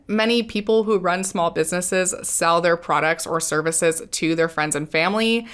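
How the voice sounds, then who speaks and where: A woman hosting a scripted commentary video, measured, critical and dryly sarcastic. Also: lowish voice, a bit bright. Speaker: commentary channel host.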